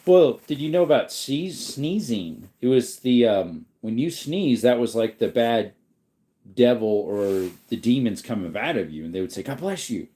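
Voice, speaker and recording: A man hosting a livestream, reading viewer comments aloud in a relaxed, rambling way while yawning. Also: mid-range voice, moderate pace. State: sleepy, yawning. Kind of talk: casual chat.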